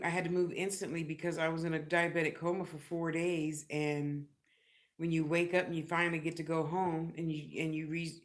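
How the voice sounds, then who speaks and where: A woman with a fairly low-pitched voice chats straight to her audience, telling a rambling personal story. She keeps it loose and conversational, with frequent asides and quick retellings of what people said. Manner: chatty, animated, acts out others' lines in a high squeal. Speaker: vlogger. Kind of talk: casual storytelling vlog.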